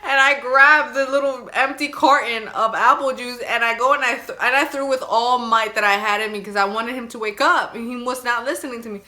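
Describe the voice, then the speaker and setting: Chatty bright-voiced young woman. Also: fairly high pitch, a little fast, few pauses. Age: young adult. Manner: chatty, animated, re-enacts her own crying and pleading. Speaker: vlogger telling her birth story. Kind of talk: casual storytelling to camera.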